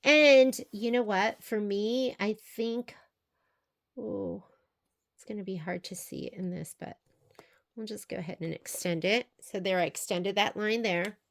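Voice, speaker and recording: A woman's voice: medium pitch, unhurried, gravelly. A woman teaching a quilting project, talking through each step aloud as she works. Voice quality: chatty, thinks aloud while working. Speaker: sewing instructor. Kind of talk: quilting tutorial.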